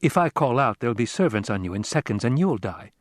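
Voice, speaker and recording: A man's voice: mid-range voice, very animated, quick pace, no echo, clean studio sound. A man voicing a proud, frightened noble teenage boy who talks back defiantly.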